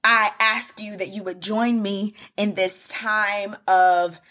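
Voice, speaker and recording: A woman's voice: medium pitch, steady tone, takes it slowly, sharp tone. A woman hosting a solo devotional podcast, preaching fervently in a repetitive cadence and calling listeners "baby" and "y'all". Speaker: podcast host.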